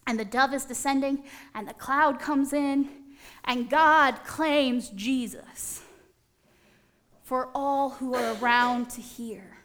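A woman preaching a sermon in a conversational, animated storytelling manner. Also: high-pitched.

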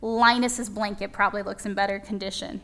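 A woman with a mid-range voice delivers a folksy, animated sermon in a conversational way, speaking fairly quickly. She acts out little dialogues along the way.

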